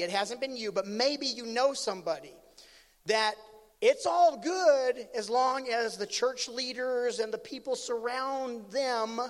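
Preaching in a large hall whose long reverb echoes his words, a pastor with a high-pitched voice recounts a story. He shifts animatedly from loud outbursts to quiet asides.

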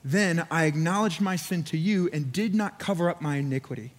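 A man's voice: fairly high pitch, brisk. A man preaching a sermon as pastor, fervent and urging, repeating phrases for emphasis. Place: church auditorium. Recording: long hall reverb.

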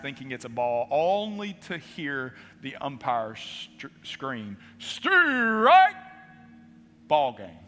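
Male pastor, dramatic storyteller, bright ringing voice, long reverb of a hall with faint music under him. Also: mid-range voice, a little hiss or hum. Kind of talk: sermon.

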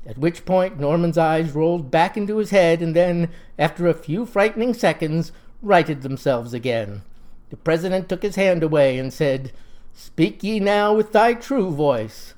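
A man with a Southern US accent telling a comic tale in a folksy, deadpan, mock-solemn style. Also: fairly high pitch, normal speed. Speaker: storyteller.

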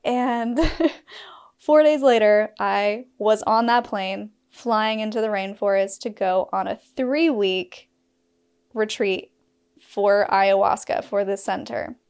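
A woman's voice: medium pitch, slow pace, a little mellow, smooth. A woman from Utah telling a personal story in a candid vlog, breaking off with laughs and asides. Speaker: storyteller sharing a personal experience.

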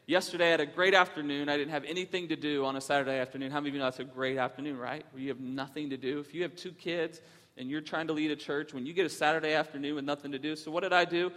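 High-voiced preaching man in a reverberant hall. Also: racing. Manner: animated storytelling, preaching with rising emphasis. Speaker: pastor. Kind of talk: sermon. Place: church sanctuary.

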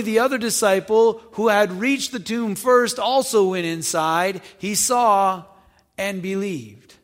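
A man preaching, reading scripture aloud and explaining it conversationally, pausing to ask the listeners questions. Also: high voice, a bit bright. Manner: reads verses then explains them conversationally, asking questions. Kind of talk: Bible teaching, reading scripture with commentary. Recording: long hall reverb.

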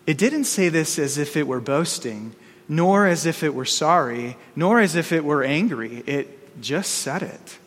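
A male pastor reads a story slowly and earnestly in a fairly high voice, then draws the sermon's lesson from it. His delivery is unhurried, with small restarts. A long reverb from the hall follows his words. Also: animated.

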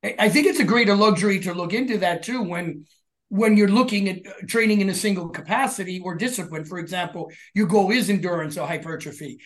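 A man co-hosting a podcast, speaking in a measured way with frequent murmurs of agreement. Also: sits high. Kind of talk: casual podcast conversation.

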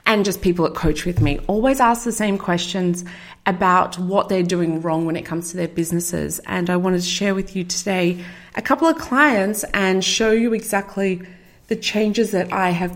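A woman's voice: on the low side, moderate pace. Upbeat, chatty woman podcast host. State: out of breath. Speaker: podcast host and marketing coach. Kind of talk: casual solo podcast talk.

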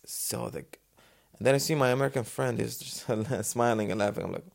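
A man from Dubai hosting a solo podcast, talking off the cuff in a casual, animated way and acting out the voices in his stories. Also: mid-range voice, brisk, gravelly. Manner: casual, animated storytelling, acts out quotes. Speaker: podcast host. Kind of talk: unscripted solo podcast talk.

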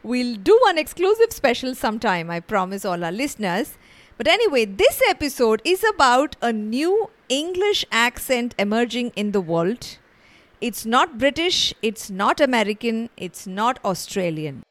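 A woman's voice: fairly high pitch, big pitch swings, moderate pace. A woman hosting a podcast, chatting enthusiastically with a young guest about the news. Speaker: podcast host. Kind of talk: casual chat.

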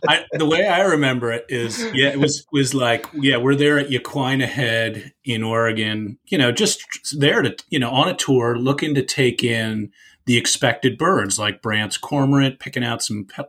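Husky man telling an excited birding story. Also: mid-range voice, normal speed. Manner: animated storyteller, repeats himself, many "you know" fillers. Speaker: birding tour leader. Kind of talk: casual reminiscing chat.

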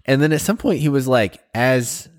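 A man in his thirties co-hosting a podcast, chatting casually and easily with quick asides. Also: mid-range voice, animated. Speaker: podcast co-host. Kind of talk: casual chat.

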